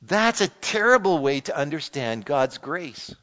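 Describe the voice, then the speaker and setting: A man preaching a sermon in a church, speaking in an earnest, conversational way and citing scripture quickly. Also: fairly high pitch, sing-song, sharp tone. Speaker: pastor. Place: church sanctuary. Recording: muffled sound in a reverberant hall.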